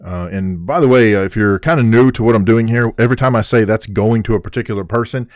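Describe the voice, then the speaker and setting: A man's voice: on the low side, fast talker, no room sound, studio quality. A man hosting a live-streamed trading card break, calling out each card and who gets it, and gushing when he pulls a good one. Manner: excitable, gushing over pulls, filler-heavy; calls out cards and owners in a running list.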